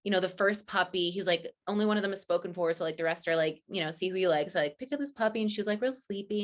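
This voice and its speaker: A woman's voice: medium pitch, quick pace. A woman guest on a casual podcast, a chatty storyteller who fills her talk with "like" and acts out quoted lines.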